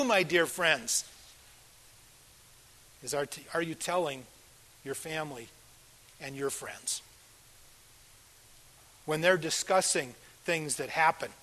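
An older man preaching a sermon, earnest, rising to loud emphasis and dropping to quiet, soft asides. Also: sits high. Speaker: pastor.

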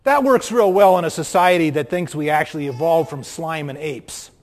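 A man's voice: fairly high pitch, moderate pace, darkish tone, in a large hall. A man with a Minnesota accent preaching a sermon as pastor, earnest and building to strong emphasis. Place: church.

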